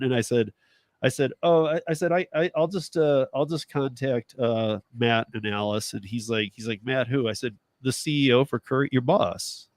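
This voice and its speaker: A man's voice: medium pitch, moderate pace, no echo. A man in his thirties tells a story on a casual talk show, acting out each side of a conversation with plenty of bounce in his voice. He laughs easily. The recording is close and dry, with little room sound. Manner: animated storytelling, acts out quoted dialogue, laughs often. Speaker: podcast host, rideshare driver. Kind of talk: casual chat.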